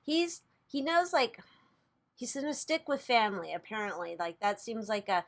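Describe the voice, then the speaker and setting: A woman's voice: on the high side, very animated, moderate pace. A woman hosting a casual tarot reading vlog, chatty and loose, who swears freely and laughs at herself. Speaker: tarot reader and channel host.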